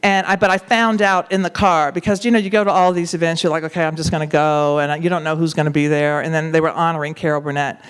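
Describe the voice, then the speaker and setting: A woman's voice: sits low, fast talker, hardly any pauses, clear, resonant tone. A woman talk show co-host telling a story in a conversational way, acting out the voices she quotes. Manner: animated, acts out quoted voices.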